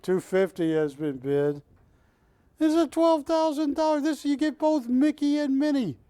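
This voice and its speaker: A man's voice: extremely high pitch, animated, normal speed, warm tone, dry recording. A man hosting a live shopping-channel auction, bantering and calling out bids in a studio. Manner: jokey, chatty, calls bids and counts them down. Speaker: auction host.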